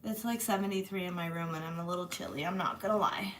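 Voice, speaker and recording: A woman's voice: lowish voice, fairly even intonation, quick pace, a bit bright, a little hiss or hum. A woman chatting casually to her viewers from her room, blunt and swearing freely, sore after a massage. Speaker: channel host.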